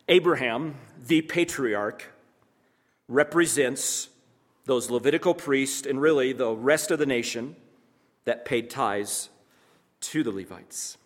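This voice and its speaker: A man preaching an expository sermon as pastor, swinging between loud emphasis and hushed asides, repeating key phrases and asking rhetorical questions. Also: mid-range voice, takes it slowly. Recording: long hall reverb.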